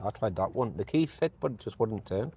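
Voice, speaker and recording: A man with a mellow, soft-edged voice talks casually into a handheld phone while out walking. He rambles, mutters to himself and jokes at his own expense, with faint noise around him. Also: lowish voice, lively intonation, brisk. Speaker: vlogger. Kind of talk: casual vlog talk to camera. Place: outdoors by mailboxes, walking around.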